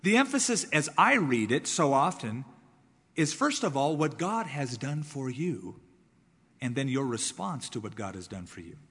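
A man preaching a sermon as pastor, driving points home with repeated words and swings between loud and soft. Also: mid-range voice, big pitch swings, normal speed, husky, big-room sound.

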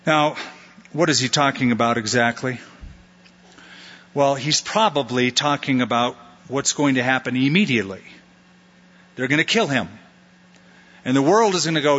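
Lively, conversational male pastor preaching. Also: medium pitch, moderate pace, long pauses, big-room sound, muffled recording. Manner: conversational, acts out disciples' lines with playful put-on voices. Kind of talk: expository sermon.

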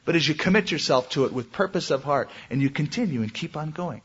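A man preaching a sermon as pastor, with animated delivery and dramatic swings in pitch. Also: fast, few pauses, slightly rough, muffled recording.

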